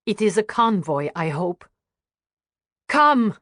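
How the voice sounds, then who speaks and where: Female audiobook narrator, grave and hushed, unhurried, dry close-miked studio sound. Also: medium pitch, no room sound. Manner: hushed, grave first-person reading.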